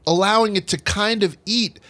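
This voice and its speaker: A man's voice: sits high, moderate pace, sharp tone. A man hosting a comedic history podcast, telling old stories with crude jokes and swearing. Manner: profane, joking storyteller reading out history. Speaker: podcast host.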